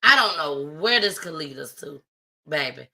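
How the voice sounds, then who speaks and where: Woman running a live stream, really bright sharp voice, chatty and heartfelt, talks right to the viewers. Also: low-pitched, expressive, normal speed, vocal fry, rough recording. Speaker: livestream host. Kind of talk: casual livestream talk.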